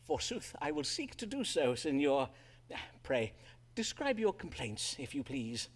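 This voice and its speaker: A self-assured Elizabethan doctor in a game, speaking in archaic courtly phrases. His voice moves widely in pitch. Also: big pitch swings, a little slow. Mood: pompous. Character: pompous Elizabethan male doctor-astrologer.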